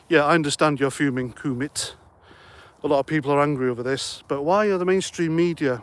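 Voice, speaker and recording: A middle-aged man hosting a casual livestream, reading out comments and chatting in a rambling, jokey way, a little out of breath. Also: fairly high pitch. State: slightly out of breath. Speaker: livestream host.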